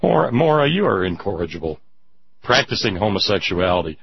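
A man's voice: lowish voice, big pitch swings, a little fast, vocal fry, husky, no room sound. A man hosting political talk radio, emphatic and sarcastic, chatting with listeners through a dull lo-fi radio recording. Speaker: radio talk show host.

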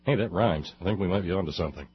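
A man's voice: low voice, rapid-fire, lo-fi sound, a little hiss or hum. A male radio talk host giving angry, sarcastic political commentary, rambling with restarts.

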